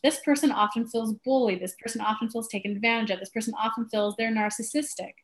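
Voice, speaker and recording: A woman coaching a client, animated when acting out others' words and softer when guiding. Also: fairly high pitch, quick pace. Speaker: spiritual coach. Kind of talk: coaching session.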